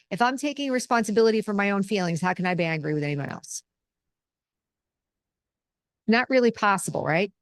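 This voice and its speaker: A middle-aged woman hosting a casual spiritual talk, teaching in an earnest, conversational way and drawing on personal examples. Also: mid-range voice.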